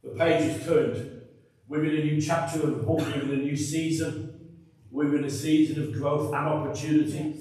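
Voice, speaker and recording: A man's voice: on the high side, little pitch movement, normal speed, darkish tone. A man preaching a sermon to a church congregation, emphatic and conversational, with many repeated phrases. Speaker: pastor. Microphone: microphone. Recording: echoey church room.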